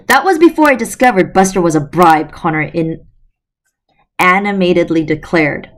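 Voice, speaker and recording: A woman reading a children's novel aloud with lively voice changes, breaking off for casual, talkative asides to her listeners. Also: lowish voice, unhurried, pauses often. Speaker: storytime reader.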